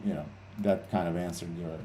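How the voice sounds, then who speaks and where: A man's voice: low voice, steady tone, fairly quick, mellow, slight background noise. A man hosting a trading livestream, talking bluntly and swearing a lot, with many fillers and restarts. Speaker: CEO and livestream host. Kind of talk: casual livestream talk.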